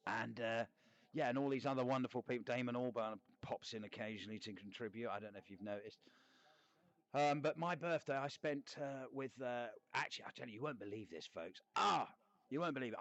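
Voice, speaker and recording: A man voicing a sleazy, boastful middle-aged male cartoon bassist, rambling through fan questions in an in-character live chat. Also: fairly bright tone, no room sound. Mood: chatty. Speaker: cartoon band member answering fan questions.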